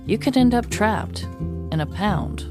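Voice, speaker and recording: A woman's voice: medium pitch, animated, measured pace, over music. A woman co-hosting a podcast, switching between scripted narration full of puns and casual, giggly chat. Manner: pun-laden storytelling, chatty and giggly. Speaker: podcast co-host.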